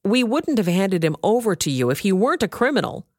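A woman voicing an angry group of male religious leaders in a scripture reading, shouting insistently. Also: medium pitch, sing-song, a little fast, no room sound, studio quality, pitched above the performer's own voice.

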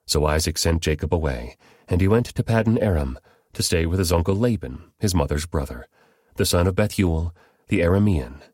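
A man giving a measured, even scripted narration of a story. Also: deep voice, no echo, studio quality.

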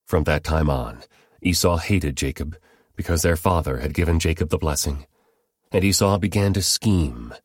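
Male narrator for scripture stories, very low voice, steady even read, dry close sound. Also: normal speed, husky, no room sound. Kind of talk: scripted Bible story narration.

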